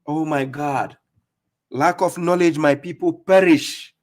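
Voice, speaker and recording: A man giving scolding religious commentary on a live stream, mocking opponents and reading verses slowly. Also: fairly high pitch, fairly even intonation. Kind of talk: preaching commentary on played clips.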